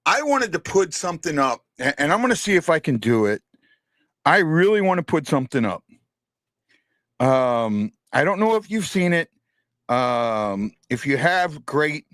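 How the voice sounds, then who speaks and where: A man hosting a casual live-stream sports fan show, talking in a rambling, animated way with frequent restarts. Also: a little high, a little slow, no room sound.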